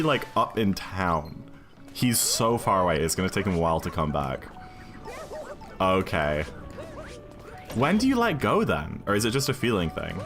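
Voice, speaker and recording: A man's voice: low voice, very animated, measured pace, pauses often, a bit bright, faint music behind. A British man streaming a video game, chatting casually and thinking aloud while answering viewers' questions. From United Kingdom.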